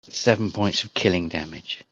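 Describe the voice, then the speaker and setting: A man with a fairly low voice runs a tabletop game over online chat. He describes each scene in a rambling, hesitant way, stopping on small fillers as he goes. The sound is dry, with no room around it. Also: normal speed, a bit bright, husky, no room sound, highs cut off. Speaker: game master.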